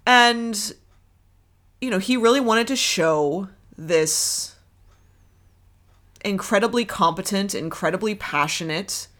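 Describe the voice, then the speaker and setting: A woman's voice: mid-range voice, slow, pauses often, a bit bright. A woman co-hosting a podcast in casual, rambling chat with frequent restarts. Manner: rambling, with many restarts and fillers. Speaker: podcast co-host.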